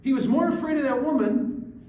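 A middle-aged man speaking to a gathering, an animated storyteller who drives his points home with emphatic rhetorical questions. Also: very high voice, fairly quick. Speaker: guest speaker. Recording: echoey room, distant mic, faint hiss.

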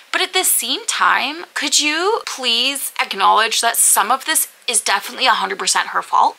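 A young woman reviewing books in a casual vlog, rambling and animated, with frequent "like" fillers. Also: fairly high pitch, creaky, rough recording. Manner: animated, rambling, heavy use of "like". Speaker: book vlogger.

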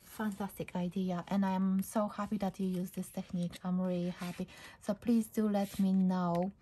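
A woman's voice: mid-range voice, flat delivery, moderate pace, warm tone. A woman hosting her craft channel, chatting casually and gushing about a handmade card she received. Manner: gushing, repeats "I love". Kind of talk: casual chat opening mail.

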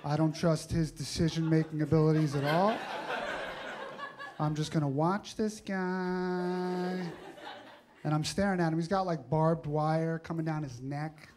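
A man's voice: on the high side, steady tone, measured pace, crowd noise. A man doing a live stand-up comedy set on a club stage, telling stories wryly and acting out the questions people ask him. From New York. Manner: wry, storytelling, acts out other people's questions.

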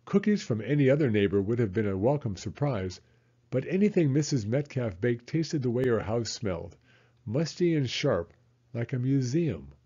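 A man narrating a children's chapter book aloud, expressive and animated. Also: mid-range voice, normal speed, slightly rough, highs cut off. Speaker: storyteller reading to kids.

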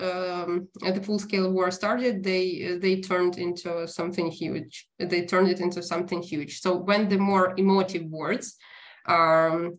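A woman whose first language is Ukrainian, from Ukraine, giving an online lecture in a halting way with many fillers and self-corrections. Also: medium pitch. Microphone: video call.

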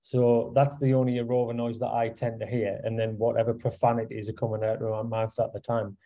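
A man's voice: mid-range voice, little pitch movement, fairly quick, mellow, lo-fi sound. A man, an astrophotographer guest in a live Q&A, answering casually with self-deprecating humor. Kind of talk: casual Q&A chat.

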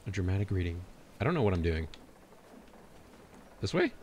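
Deep-voiced, goofy male game streamer. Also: very animated, moderate pace, pauses often, darkish tone, slight background noise. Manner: goofy, self-talking, laughs at his own jokes. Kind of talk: casual gameplay commentary.

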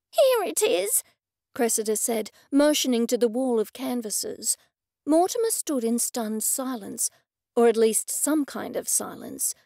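A woman reading an audiobook in wry, even first-person storytelling. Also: on the high side, gravelly, dry recording, clean studio sound. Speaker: audiobook narrator. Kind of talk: scripted narration.

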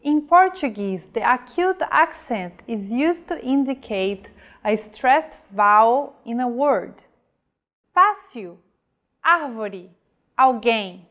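Slow, careful woman teaching pronunciation. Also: a little high, lively intonation. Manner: careful, measured teaching delivery with modeled example words. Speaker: language teacher. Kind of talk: scripted lesson narration.

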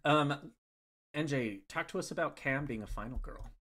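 A man's voice: fairly high pitch, normal speed, bright, forceful tone. A man co-hosting a casual podcast, playful and steering the conversation. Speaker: podcast co-host.

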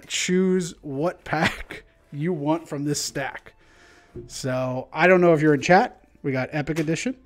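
A man chats casually on a livestream, laid-back and rambling. His voice sits a little high and he laughs often between thoughts. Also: darkish tone. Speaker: stream host.

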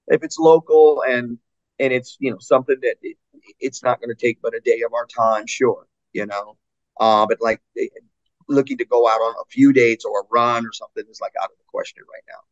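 Animated laughing metal singer, lo-fi audio. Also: male voice, mid-range voice, a little fast, no echo. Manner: animated storyteller, acts out fans' voices, laughs often. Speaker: metal singer and interview guest. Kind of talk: casual interview chat.

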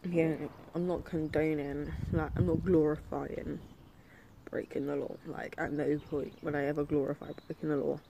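Brief: young woman with a British accent, slangy and animated, telling a story outdoors. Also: low voice, normal speed, gravelly, dull audio, slight background noise. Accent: British, London slang. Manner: slangy, animated, swears freely. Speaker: vlogger. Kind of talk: casual storytelling.

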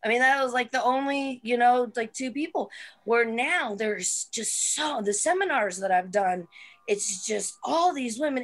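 A woman's voice: fairly high pitch, a little slow, fairly bright tone. Female wrestler guest, casual chat, rambling with fillers and restarts.

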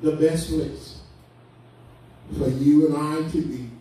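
A man giving a pastor's closing blessing at the end of an online service, earnest and gently urging, repeating his reassurances. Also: a little high, fairly even intonation, slow. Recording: echoey hall from far off with music.

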